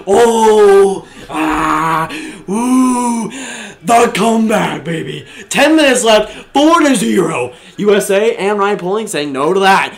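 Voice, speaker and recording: Young guy streaming a live watch-along, high voice that jumps all over, gets super hyped and loud. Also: takes it slowly, vocal fry. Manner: excitable, swings from muttering to shouting and laughing.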